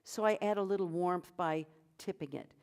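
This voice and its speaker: A woman's voice: on the low side, normal speed, a little mellow, clear, resonant tone. A woman vocal coach leading a voice workshop. She encourages the group and demonstrates sounds and short sung phrases for them to copy.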